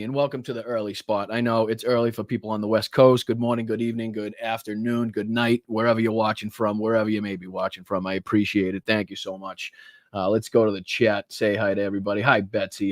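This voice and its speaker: A man's voice: lowish voice, dry recording, studio quality. A man with a Boston accent hosting a live podcast, energetically greeting viewers in the chat. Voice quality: energetic, shout-outs to viewers. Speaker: podcast host.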